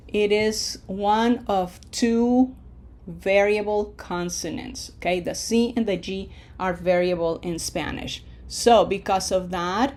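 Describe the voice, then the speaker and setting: A woman's voice: mid-range voice, a little mellow. A woman teaching a pronunciation lesson, patient, checking in often with her students. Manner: patient, checks in with frequent "okay?". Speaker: Spanish teacher.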